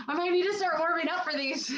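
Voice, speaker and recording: A woman's voice: very high-pitched, fairly bright tone, roomy sound, far from the mic, dull audio, a little hiss or hum. A woman fitness coach giving workout instructions while exercising, out of breath and puffing between sets.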